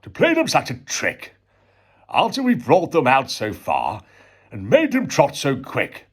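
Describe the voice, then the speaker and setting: A man voicing a smooth-talking, sentimental old walrus, coaxing and theatrical, pitched above his own voice. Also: huge pitch swings, a little slow, full character voice. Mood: sly. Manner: coaxing and theatrical, lifting to a higher voice.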